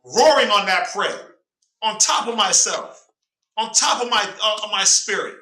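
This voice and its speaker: A man's voice: high-pitched, lively intonation, normal speed, sharp tone. A man leading a Bible class with call-and-response, emphatic and preachy, prompting a reader along. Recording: roomy sound from a distant mic.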